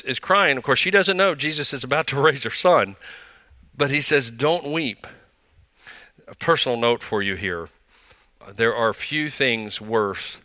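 A man's voice: mid-range voice, bright, forceful tone, dry recording. An older man pastor giving a conversational sermon, with frequent asides and restarts.

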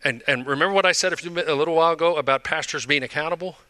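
A man's voice: a little high, rapid-fire, bright, forceful tone, no echo. A man in his sixties, a pastor preaching a sermon in an emphatic, conversational way.

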